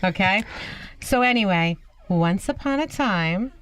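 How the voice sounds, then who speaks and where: A woman's voice: medium pitch, lively intonation, unhurried, clear, resonant tone, no echo. A woman co-hosting a radio show, chatty and giggly in casual banter.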